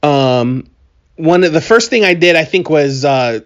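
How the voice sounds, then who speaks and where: Male podcast host, slightly high, animated and joking, allergy-worn voice, muffled home recording. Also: a little slow. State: allergies, voice a bit strained. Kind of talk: casual solo podcast monologue.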